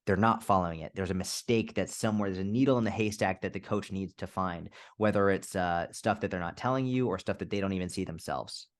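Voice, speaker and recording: A man in his thirties, a fitness coach, talking casually on a podcast and telling animated stories with frequent swearing. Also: sits low, quick pace, hardly any pauses. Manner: animated storyteller, swears freely.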